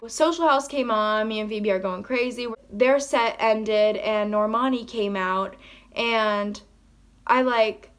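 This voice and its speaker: A woman telling a story in a casual vlog, rambling excitedly with lots of "like" and acting out what people said. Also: on the high side, slow pace. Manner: acts out quoted lines in her own voice. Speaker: vlogger.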